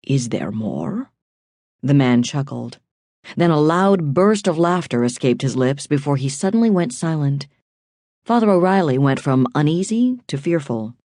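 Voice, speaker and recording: A woman narrating a crime thriller audiobook in a measured, suspenseful reading. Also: low-pitched, lively intonation, warm tone, dry recording, clean studio sound.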